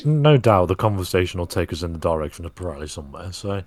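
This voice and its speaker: A man's voice: deep voice, sing-song, quick pace, darkish tone. A man co-hosting a podcast in casual chat, dropping dry, joking asides. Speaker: podcast co-host.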